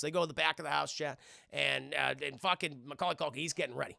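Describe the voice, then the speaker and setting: A man streamer recapping a film casually, profane and excitable, and constantly talking to his chat. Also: on the high side, fast talker, creaky, no echo, studio quality.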